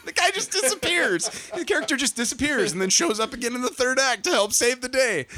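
Bright-voiced man ranting about a movie. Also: very high-pitched, a little fast. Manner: animated, profane, mocking ranting with laughs. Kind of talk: casual chat, retelling a movie.

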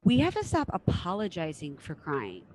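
A woman's voice: fairly low pitch, wildly swooping pitch, moderate pace, darkish tone, low-quality recording. A middle-aged woman hosting a casual interview podcast, frank and enthusiastic and swearing now and then. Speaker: podcast host.

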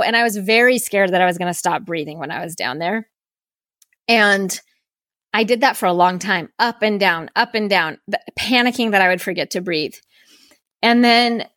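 A woman's voice: medium pitch, measured pace, a bit bright, no room sound, clean studio sound. A woman podcast host, recounting a personal experience in a reflective, storytelling way and voicing her own thoughts as quotes.

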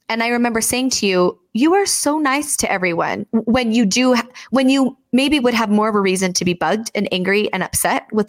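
A woman hosting an interview podcast, chatting effusively and acting out remembered quotes in lively voices. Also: mid-range voice. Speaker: podcast host. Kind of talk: conversational interview.

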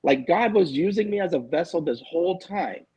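A man's voice: fairly high pitch, animated, moderate pace, darkish tone, slightly rough, muffled recording. A man in his forties talking candidly and emphatically in a casual panel chat, swearing freely as a guest author. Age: 40s.

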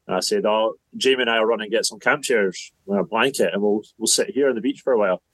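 A young man from Scotland telling a story in a relaxed, teasing way, chuckling as he goes. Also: fairly low pitch, fast, no echo, low-quality recording. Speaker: groom-to-be guest. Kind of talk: casual storytelling chat.

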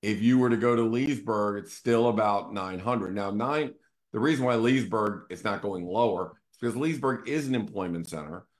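A man's voice: lowish voice, normal speed. A man hosting a casual real estate talk, walking through charts and checking in with "right?" as he explains. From Northern Virginia area. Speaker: real estate team CEO and show host.

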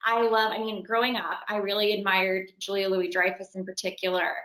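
A woman's voice: medium pitch, little pitch movement, a little fast, a bit bright, echoey room, rough recording. A young adult woman, an actress and singer, chatting animatedly in an interview and laughing now and then. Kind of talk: casual interview.

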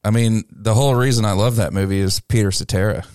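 A man's voice: lowish voice, steady tone, fast, a little mellow, clear, resonant tone, no echo. A man co-hosting a casual chat, giving short replies with dry, wry humor. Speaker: show co-host.

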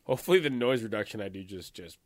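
A man's voice: lowish voice, expressive, quick pace. A man co-hosting a podcast, telling rambling, profane stories in casual chat, full of fillers. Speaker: podcast co-host.

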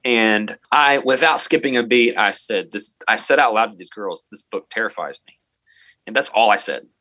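A man's voice: on the low side, normal speed, sharp tone, no echo. A man, a middle school teacher, earnestly telling a personal story in an interview and quoting what he and others said.

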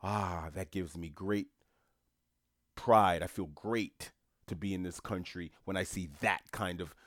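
A man from New York holds forth in a lowish voice, hammering his points home with repetition and scorn. He often restarts his sentences as he goes. The sound is dry and close, with no room echo. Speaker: commentator. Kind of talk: opinionated solo monologue.

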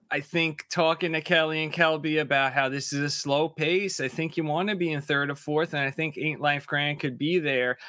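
A man talking casually as a guest horse racing handicapper, chatty with quick asides and jokes. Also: fairly high pitch, bright, forceful tone, no room sound, studio quality. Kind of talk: casual podcast chat.

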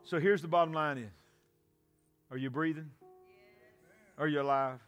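Pastor, male, bright high voice, shouting call-and-response sermon. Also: steady tone, normal speed, muffled recording, soft background music.

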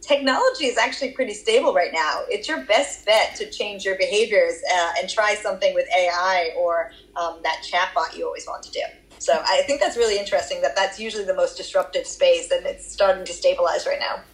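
A woman's voice: mid-range voice, brisk, poor audio. A woman with a Boston accent answering interview questions about her research, explaining at length with occasional fillers. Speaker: research guest.

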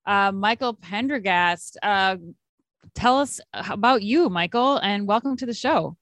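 A woman's voice: medium pitch, a bit bright, no echo. Teasing woman podcast host. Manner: teasing, brisk. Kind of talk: casual podcast hosting.

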